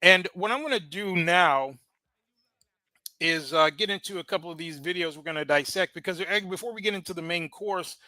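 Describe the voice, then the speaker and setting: A man's voice: high-pitched, normal speed, sharp tone, no echo. A man hosting a podcast in casual commentary, talking loosely with fillers and frequent laughs. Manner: conversational, laughs often, many fillers. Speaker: podcast host.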